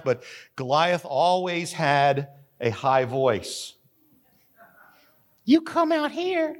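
A middle-aged man preaching a sermon as pastor, emphatic, drawing out key words. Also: mid-range voice.

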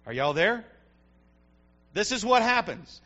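A male pastor preaching a sermon in church, building to shouted peaks. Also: high-pitched, very animated, slow pace, dull audio.

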